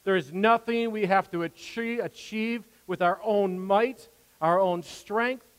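A man's voice: high voice, unhurried, clean tone. A man preaching a sermon from the pulpit as pastor, earnest and conversational, with rising emphasis and asides. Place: church sanctuary. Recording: long hall reverb.

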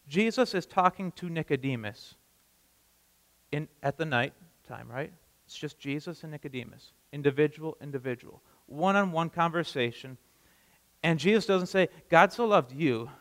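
A man's voice: on the high side, moderate pace, a bit bright, in a large hall, poor audio. A man giving a sermon as pastor, talking in a conversational way with frequent restarts and repeated words.

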